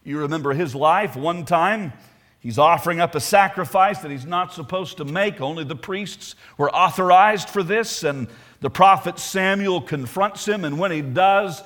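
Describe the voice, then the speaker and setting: A man's voice: sits high, a bit bright. A male pastor preaching a sermon, emphatic and putting rhetorical questions to the congregation.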